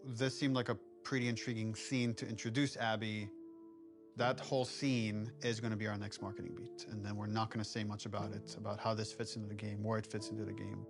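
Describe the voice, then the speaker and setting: A game director in a behind-the-scenes interview, explaining design choices in a measured way. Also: male voice, lowish voice, little pitch movement, vocal fry, music in the background.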